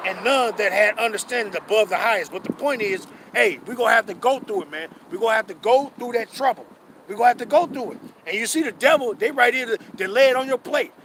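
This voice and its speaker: A man with a high voice preaches hard on a city street, swearing freely and circling back over his points. He slows right down when he reads the verses. Heavy traffic and street noise run loud behind him. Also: low-quality recording. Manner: fervent, profane, repeats himself, reads verses slowly. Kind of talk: street sermon with scripture reading.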